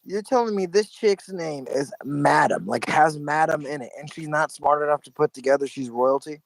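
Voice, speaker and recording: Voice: medium pitch, moderate pace, gravelly, dry recording, low-quality recording. A player in a tabletop game, teasing and asking questions. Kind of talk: casual tabletop game chat.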